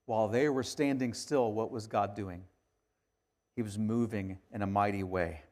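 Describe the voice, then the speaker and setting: Speaking at a normal pace in a voice on the low side, a man gives a sermon as a pastor, shifting from soft, hushed moments to forceful emphasis in a conversational way.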